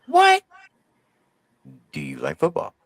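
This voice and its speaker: A man voicing a huge, calm male inmate who speaks in a very soft, quiet voice. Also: fairly high pitch, takes it slowly, gravelly, dry recording, studio quality, pitched above the performer's own voice, heavily acted. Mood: eerie calm.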